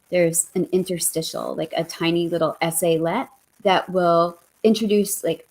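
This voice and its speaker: Woman author, lowish voice, playful and joking about herself, chatting and reading her book out loud. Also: rough recording. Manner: animated, playful, self-deprecating. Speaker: author, guest. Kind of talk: conversational interview and reading aloud.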